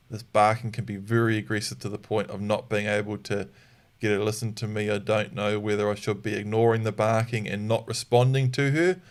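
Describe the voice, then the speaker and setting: A man with a voice of ordinary middle pitch, hosting a live dog-training Q&A. He explains things in a practical way and now and then snaps out a sharp command as he would say it to a dog. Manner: demonstrates sharp corrective commands. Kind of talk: live Q&A podcast.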